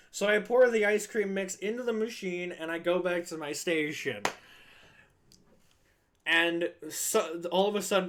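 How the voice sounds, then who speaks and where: A man's voice: sits high, a bit bright. A man streaming, telling a story casually and animatedly, acting out other voices and swearing freely.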